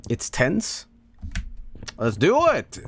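A man streaming a game casually, rattling off game blurbs quickly and breaking into goofy high squeals. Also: wildly swooping pitch, husky. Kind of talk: casual live-stream commentary.

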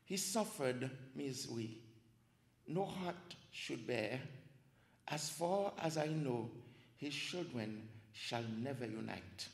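Slow earnest man reading poetry. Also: medium pitch, animated, vocal fry. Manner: slow, earnest recitation with pauses. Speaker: poetry reader. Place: library event room. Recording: echoey hall, reverberant.

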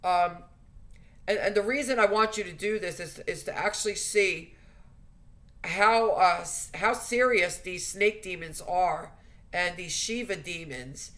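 A woman's voice: on the low side, measured pace, a bit bright. A woman giving earnest spiritual advice in a monologue, stressing her points by repeating key phrases. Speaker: spiritual vlogger.

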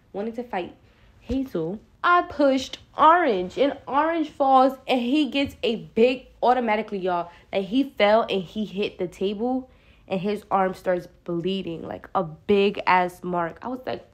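A young woman vlogger telling a storytime in casual slang, often calling viewers y'all and acting out her own lines. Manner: animated retelling, acts out her own quoted lines louder and higher.

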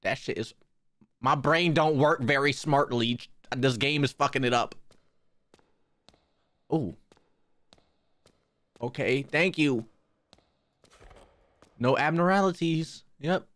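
In a dry recording, a young man with a medium, somewhat bright voice streams a horror game, speaking slowly with frequent pauses. He addresses his chat with crude, profane jokes and mutters to himself nervously.

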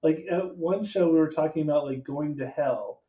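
A man's voice: on the high side, normal speed. A man chatting casually as a podcast guest, rambling through stories. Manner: rambling, chuckling storyteller. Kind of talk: casual chat. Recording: echoey, dull lo-fi sound.

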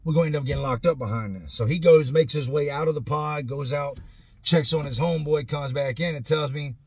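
A man telling a profane, animated story about his own past in a casual, conversational way. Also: on the high side, brisk, breathy edge. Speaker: vlogger telling prison stories.

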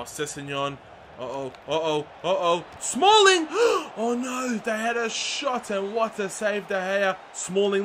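A young man giving excited, chatty commentary over his own football video game match, shouting at the big moments. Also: high-pitched. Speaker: gaming YouTuber. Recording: audible background noise.

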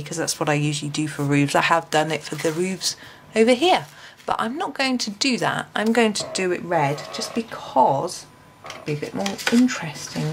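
A woman hosting a colouring tutorial, talking her choices through to herself in a relaxed, musing way with frequent ums. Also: deep voice, background noise. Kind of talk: relaxed voice-over tutorial, thinking aloud.

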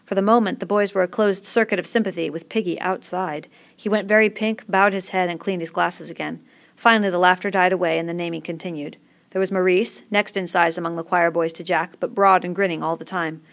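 A woman narrating a novel in a measured, expressive reading. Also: on the low side. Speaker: reader. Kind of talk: audiobook narration.

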